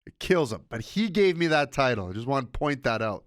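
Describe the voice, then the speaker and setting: Animated rambling man hosting a podcast. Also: medium pitch, brisk, dry recording, studio quality. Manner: rambling, self-interrupting, animated. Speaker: podcast host. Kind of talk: casual solo podcast monologue.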